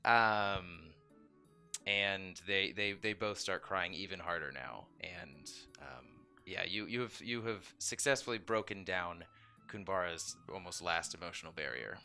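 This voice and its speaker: A man narrating as dungeon master of a home tabletop game, telling the scene in a relaxed way with many fillers. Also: low-pitched, a little slow, gravelly, soft background music.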